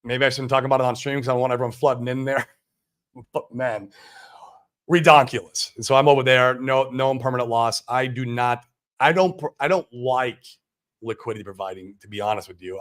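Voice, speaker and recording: A man hosting a crypto livestream, talking to viewers in a loose, slangy, excitable way. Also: medium pitch. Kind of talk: casual livestream talk.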